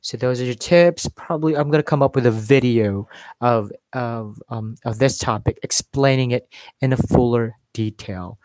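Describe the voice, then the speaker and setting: Male accent coach, casual live-stream lesson, mid-pitched voice, dry close mic. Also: normal speed, darkish tone, dry recording. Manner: explains with modeled examples and filler words. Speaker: English accent teacher.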